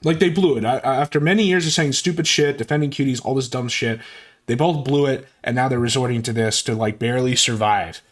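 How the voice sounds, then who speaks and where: A man's voice: medium pitch, a little fast. A man giving sarcastic reaction commentary over a podcast clip, laughing often as he mocks it.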